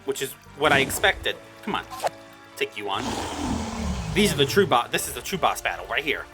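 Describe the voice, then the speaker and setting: A gaming video creator giving excitable let's-play commentary, exclaiming in surprise and talking back to the monsters on screen. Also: medium pitch, normal speed. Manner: excitable, frequent startled exclamations; talks to the game mobs. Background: background music.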